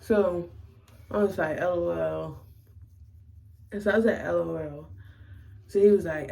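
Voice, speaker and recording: A young woman with a Maryland accent, telling a casual storytime to her camera in a slangy, animated way. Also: lowish voice, a little slow, creaky, long pauses, far from the mic, over music, low-quality recording. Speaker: vlogger.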